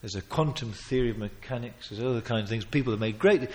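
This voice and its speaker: A man preaching a sermon, emphatic, with sudden loud swells, quiet asides and chuckles as he tells stories. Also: medium pitch, quick pace. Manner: chuckles while telling stories.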